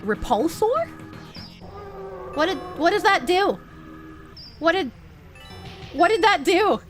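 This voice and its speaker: A woman's voice: very high voice, takes it slowly, music in the background. A young woman streaming a game, chatting casually and swearing as she jokes with her chat. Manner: animated, swearing, joking with chat, frequent laughs.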